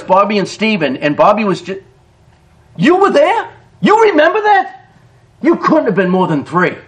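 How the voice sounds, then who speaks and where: A middle-aged man preaching a sermon in a church, animated, rising to shouts and breaking into laughter. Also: high voice, poor audio.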